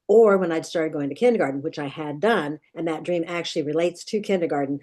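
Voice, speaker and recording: In a deep, warm voice and at a brisk pace, a middle-aged dream expert tells an interviewer an earnest, vividly detailed story about a nightmare from her youth. She restarts herself frequently along the way.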